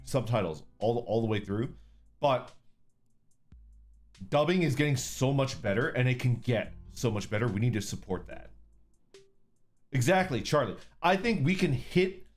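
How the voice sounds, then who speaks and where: A man chatting with his viewers in a relaxed, easygoing way, cursing freely and laughing often. His pitch swings around a lot as he talks, and soft music plays faintly behind him. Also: normal speed, pauses often. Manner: laid-back, profane, laughs often. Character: orc persona streamer. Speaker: streamer. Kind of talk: casual chat reading super chats.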